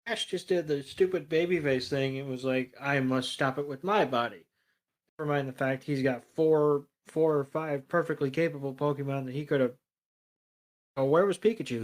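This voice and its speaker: A man in a casual podcast recap, sarcastic and profane. His voice sits at an ordinary middle pitch. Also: a little fast. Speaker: podcast co-host.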